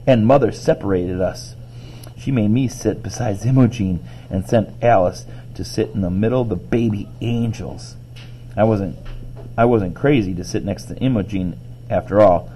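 A man reading a children's novel aloud, lively, with squeaky character voices and whispered asides. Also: normal speed, slight background noise. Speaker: reader.

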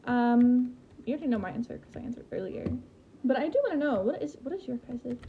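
A woman's voice: fairly high pitch, animated, fast. A young woman chatting casually on a gaming livestream, reading and answering chat while she plays. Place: home in a rural area. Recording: lo-fi stream audio, faint background hiss.

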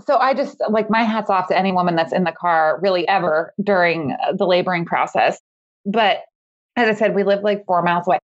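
A woman telling a personal story as a podcast guest, in a casual, animated way, laughing often as she talks. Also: fairly low pitch, brisk, muffled recording.

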